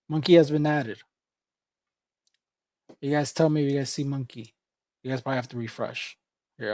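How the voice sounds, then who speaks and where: A man's voice: medium pitch, a little mellow, dry recording. Dry-voiced man rambling on a livestream. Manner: rambling, profane, laughs often. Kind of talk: casual livestream chat.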